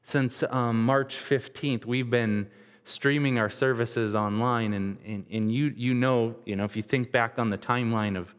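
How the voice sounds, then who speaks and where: A man's voice: mid-range voice, fairly even intonation, a little slow, clean tone, long reverb tail. A male pastor preaching a sermon, retelling a scripture story in a casual, storytelling way.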